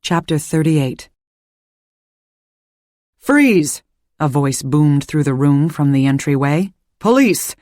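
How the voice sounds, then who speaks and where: A woman reading a first-person suspense audiobook in a measured, calm storytelling voice. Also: sits low, no echo, clean studio sound. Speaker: audiobook narrator.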